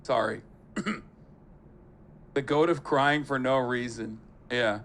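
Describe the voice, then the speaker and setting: A man streaming live, giving casual reaction commentary in a sarcastic, profane, animated way. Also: medium pitch, slow, a little hiss or hum.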